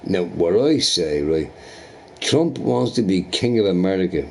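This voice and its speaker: Slow-talking man ranting while gaming. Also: low-pitched, gravelly. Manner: profane, ranting, animated opinions with frequent "right?". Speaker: game streamer. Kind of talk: casual rambling chat while gaming.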